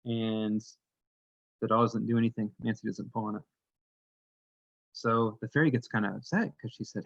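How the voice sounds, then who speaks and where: A man telling a folktale to a congregation in an animated, folksy way, with casual asides. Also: fairly low pitch, moderate pace, vocal fry, long pauses, dry recording, highs cut off. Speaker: worship leader telling a story.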